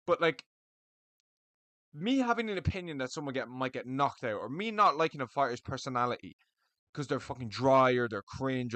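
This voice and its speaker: On a dry recording, a young man with a mid-range, sharp-toned voice hosts an opinionated video. As an MMA commentary vlogger, he delivers a solo rant to camera, blunt and full of profanity, about combat sport fans.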